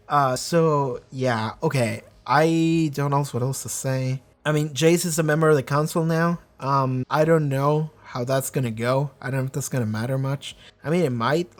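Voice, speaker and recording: A man with a somewhat high voice, rambling through casual reaction commentary on a show. He swears freely and slips into quick impressions of the characters. It sounds unscripted and loose. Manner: rambling, profane, acts out characters' lines. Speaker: reaction video host.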